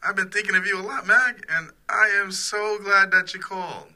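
A man's voice: high voice, steady tone, normal speed, pushed and bright, heavily acted, low-quality recording. A man playing Fred, an earnest lovestruck old flame. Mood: earnest longing. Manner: earnest, eager, emotional. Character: lovestruck former sweetheart Fred. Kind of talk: radio drama acting.

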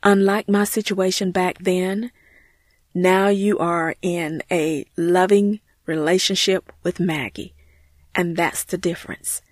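A woman's voice: on the low side, fairly even intonation, takes it slowly, dry recording, clean studio sound. Woman playing an earnest churchgoing woman. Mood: heartfelt. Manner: heartfelt, earnest, often says his name. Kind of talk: amateur audio drama.

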